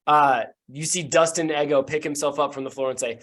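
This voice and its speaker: A man's voice: on the high side, steady tone, a little fast, fairly bright tone. A man narrating a tabletop game as game master, loosely improvised.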